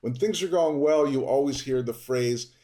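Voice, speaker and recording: A man from Baltimore hosting a podcast, delivering an upbeat scripted monologue that stresses key words with sudden rises in pitch. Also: moderate pace, warm tone. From Baltimore, Maryland. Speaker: podcast host, dentist.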